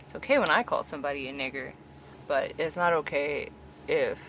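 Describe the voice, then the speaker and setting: A woman with a lowish voice delivers a blunt, profane opinion rant straight to camera. She fires off rhetorical questions and swears freely. Her points keep rising into loud, emphatic bursts. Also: fairly quick, a little hiss or hum. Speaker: vlogger.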